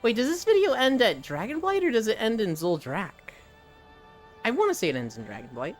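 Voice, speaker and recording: Animated streamer chatting on a treadmill. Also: medium pitch, a little fast, soft background music. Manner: reads chat aloud and riffs, animated storytelling. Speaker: live streamer. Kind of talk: casual stream chat while walking on a treadmill.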